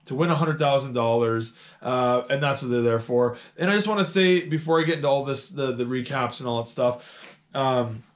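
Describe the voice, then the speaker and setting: A hoarse man from Canada in his thirties, chatting casually through a reality-show recap vlog with lots of fillers and repeated words. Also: medium pitch, moderate pace.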